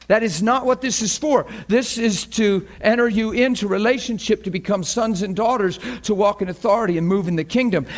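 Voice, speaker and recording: Fiery high-voiced male preacher. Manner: impassioned, climbing to near shouts; acts out his own inner voice. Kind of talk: sermon.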